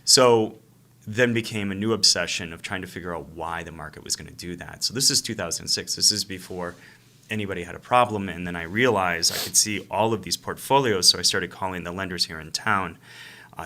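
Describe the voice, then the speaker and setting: A man's voice: deep voice, fairly quick, gravelly. A man, a real estate guest in an interview, telling his story casually and acting out old phone calls. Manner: animated storyteller who acts out phone calls.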